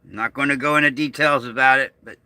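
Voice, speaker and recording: A middle-aged American man vlogging about being upset and struggling with anger, talking in a halting way that trails off. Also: medium pitch, fairly even intonation, bright, forceful tone, no echo. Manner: agitated, slow and halting, trailing off. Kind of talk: emotional vlog monologue.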